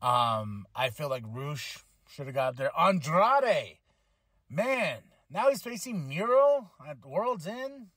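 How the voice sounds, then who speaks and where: A man talks through a casual podcast recap, rambling and excitable, with lots of fillers and restarts. His voice sits a little high for a man. The sound is dry and close, with no room around it. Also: slow pace, no room sound. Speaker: podcast host reviewing wrestling. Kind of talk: casual review chat.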